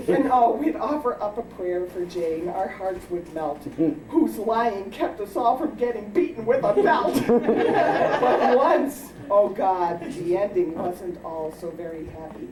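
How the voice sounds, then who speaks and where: A woman reciting her own comic rhyming poem at a family birthday party, animated and often breaking into laughter as she acts out shouted lines. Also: mid-range voice, slow. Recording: echoey, distant home video with background noise.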